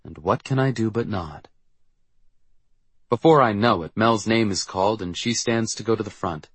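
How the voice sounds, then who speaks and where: A man's voice: lowish voice, normal speed, breathy edge, no echo. A man narrating a first-person audiobook in a wry, reflective storytelling manner.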